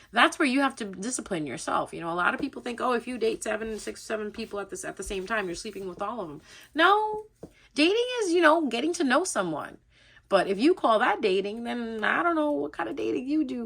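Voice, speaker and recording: A woman's voice: fairly high pitch, fairly bright tone. A young adult woman chatting her way through a casual tarot reading, rambling and laughing often. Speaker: tarot reader.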